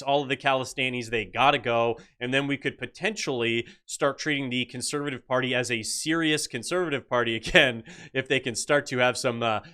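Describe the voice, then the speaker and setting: A man's voice: medium pitch, sharp tone. A man giving blunt, opinionated reaction commentary on political news clips.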